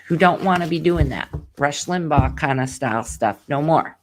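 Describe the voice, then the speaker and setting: Slow, lively-voiced woman reading tarot. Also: rumbling low. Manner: rambling, tangential, talks to viewers directly. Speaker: tarot reader hosting a live show. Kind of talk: casual live-stream tarot reading.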